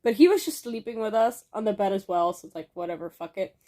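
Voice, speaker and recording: A woman's voice: mid-range voice, quick pace, warm tone. A young adult woman telling a casual story in a vlog, rambling with many fillers and swearing now and then. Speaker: vlogger.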